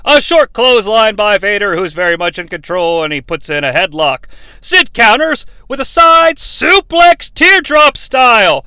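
A man hosting a comedic wrestling recap, sarcastic and animated, with mock-courtroom asides. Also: high voice, unhurried, clean tone, dry recording. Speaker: podcast host recapping wrestling.

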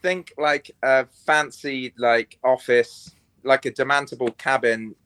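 Bright-toned crude man telling stories. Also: mid-range voice, steady tone, measured pace, smooth, dry recording. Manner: crude, rambling storyteller with lots of fillers. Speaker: podcast guest. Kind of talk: casual chat.

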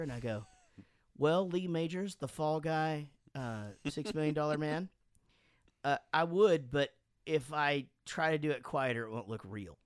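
A man casually telling animated stories on a podcast, swearing freely and acting out quotes, sounding a bit drunk. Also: a little high, measured pace, clear, resonant tone, no echo, clean studio sound. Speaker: podcast host and band frontman. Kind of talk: casual storytelling chat.

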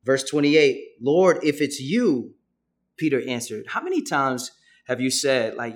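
Young man, sermon, earnest, conversational, mid-pitched voice, reads scripture. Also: normal speed. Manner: earnest, conversational, with casual asides. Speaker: preacher.

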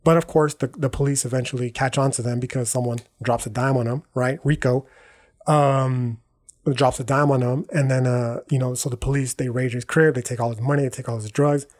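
Medium in pitch and fairly even in intonation, his slightly mellow voice moves a bit fast. As a podcast host, he delivers a loose, cursing, slangy monologue that drifts and self-corrects, with frequent "right?" and "dog."

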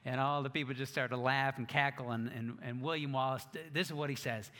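A man preaching a sermon as pastor, telling stories in an animated way with self-mocking asides. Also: medium pitch, brisk, in a large hall.

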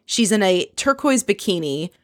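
A woman's voice: medium pitch, expressive, normal speed, dry recording. Chatty woman recapping, dry close sound. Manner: chatty, laughs while retelling scenes. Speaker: recap podcast host. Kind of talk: casual reality TV recap.

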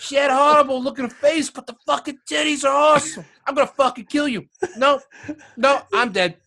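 A man's voice: very high voice, brisk, pushed and bright, heavily acted. A man putting on a crude, foul-mouthed Italian-American character while dubbing over a movie, rambling and laughing through his lines. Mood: leering. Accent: put-on stereotypical Italian-American.

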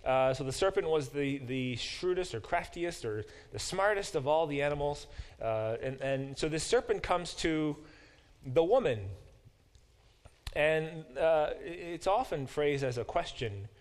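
A man's voice: a little high, animated, unhurried. A male professor teaching a Bible class, lecturing with many fillers and restarts and reading verses aloud. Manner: reads verses aloud and explains them.

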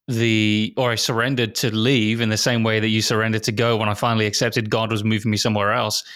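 A man's voice: mid-range voice, fairly bright tone, clear, resonant tone, no room sound, studio quality. A man, a missionary pastor, telling ministry stories with earnest, self-deprecating humor in a round-table talk. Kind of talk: reflective conversation among pastors.

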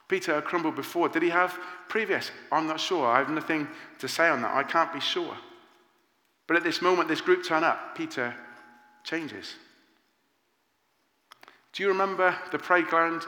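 Man preaching in an echoey hall. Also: fairly high pitch. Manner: earnest, animated preaching with rhetorical questions. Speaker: pastor. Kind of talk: sermon. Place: church. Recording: echoey church hall with long reverb.

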